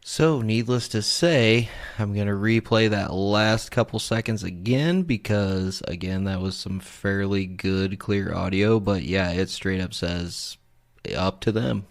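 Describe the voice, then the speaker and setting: A man's voice: on the low side, a little slow, hardly any pauses. A man hosting a podcast, casually narrating recorded clips in a laid-back way and swearing freely. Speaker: podcast host.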